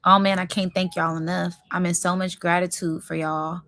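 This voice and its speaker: A woman hosting a spiritual reading vlog, talking in a slow, effusive and emotional way, close to tears of joy and calling her viewers y'all. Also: lowish voice, little pitch movement, a bit bright, no room sound. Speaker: spiritual reading channel host.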